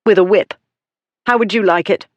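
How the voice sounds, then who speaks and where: A proud young noblewoman who speaks with cold command and open indignation, as an audiobook narrator puts her on. Her lines sit a bit higher and brisker than the narration. The sound is dry and close. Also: dry recording, muffled recording, close to an everyday voice. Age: young adult. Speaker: story character.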